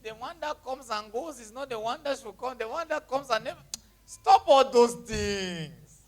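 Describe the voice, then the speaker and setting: A man preaching a sermon to his church, with a lively, emphatic delivery that jumps from shouts to near whispers and mixes in Pidgin phrases. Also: extremely high pitch, a little slow. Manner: animated preaching, shouting then dropping to a hush, Pidgin phrases, laughing. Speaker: pastor. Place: church hall with congregation.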